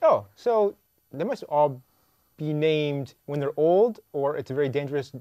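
A man co-hosts a relaxed chat show, his voice rising and falling with lively animation as he fires off question after question. He sounds close to the mic in a dry, dead room, and laughs easily between questions. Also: a little high, unhurried, dry recording, dull audio. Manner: curious, asks many questions, laughs easily. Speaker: podcast co-host. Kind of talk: casual chat.

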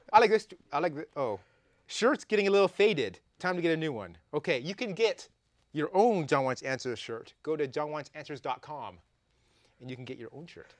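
A young man with a Canadian accent hosts a comedy talk show, reading viewer tweets aloud in a playful way. His voice sits high and swings widely in pitch. The sound is dry and close, with no room echo. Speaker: host.

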